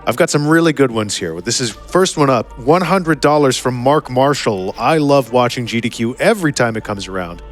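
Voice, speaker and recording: A man's voice: mid-range voice, animated, moderate pace, few pauses, faint music behind. A man hosting a live charity gaming marathon, reading out donations with a playful, joking manner. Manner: playful, jokey, laughs often. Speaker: event host reading donations.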